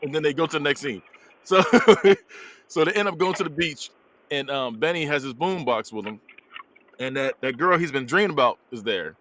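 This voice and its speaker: A man hosting a podcast, recapping a movie plot in a casual, animated way and laughing often. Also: a little high. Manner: animated storytelling, laughs often, drops quick character voices. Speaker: podcast host reviewing a movie.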